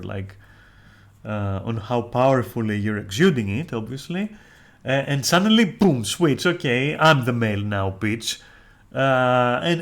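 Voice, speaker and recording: A man streamer in casual, rambling chat, candid and profane, often restarting his sentences. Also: mid-range voice.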